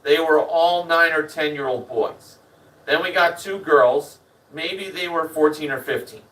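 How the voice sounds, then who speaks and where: A man reading a first-person memoir aloud as a lively storyteller. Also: fairly high pitch, a little slow, recorded from a distance, rough recording. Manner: lively storyteller, animated in the punchlines. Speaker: reader.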